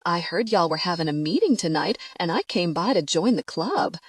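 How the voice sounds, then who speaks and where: A woman's voice: lowish voice, lively intonation, normal speed, no echo, clean studio sound. Woman doing a twangy Georgia belle. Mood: breezy. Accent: Southern US, Georgia twang. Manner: twangy, trilling, indignant. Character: bubbly Southern sister-in-law, woman, dramatic.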